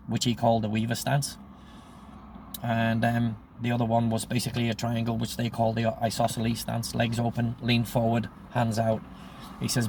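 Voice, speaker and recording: A man's voice: medium pitch, monotone, moderate pace, creaky, darkish tone, a little hiss or hum. A man in his sixties casually telling a life story, rambling through long retellings of what someone told him. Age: 60s. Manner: rambling retelling, quoting others with repeated "he says", "he goes".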